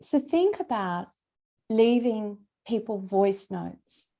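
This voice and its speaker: Woman, webinar trainer; relaxed, chatty delivery with some vocal fry, on a video-call mic. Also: mid-range voice, slow pace. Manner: friendly, conversational, checks in with attendees by name. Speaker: LinkedIn trainer presenting a webinar. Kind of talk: casual, chatty workshop teaching.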